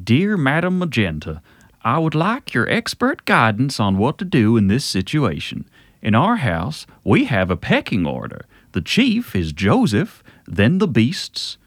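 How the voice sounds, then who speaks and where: A pleading letter writer with a broad put-on Southern American drawl, as a man reads it out. The voice swoops widely up and down and lands high on names, in a dry, close recording. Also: huge pitch swings, unhurried, dry recording, exaggerated voice. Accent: generic Southern American, put on.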